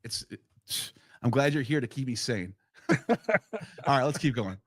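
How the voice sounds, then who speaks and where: A man on a livestream giving heated commentary on a video, firing off rapid rhetorical questions and getting worked up. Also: mid-range voice, no room sound, studio quality. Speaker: streamer reacting to a video.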